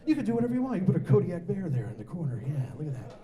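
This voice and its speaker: A man doing a soft soothing painter voice. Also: high voice, very animated, pitched below the performer's own voice. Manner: slow, soothing, hushed. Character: soft gentle male painter, soothing and calm.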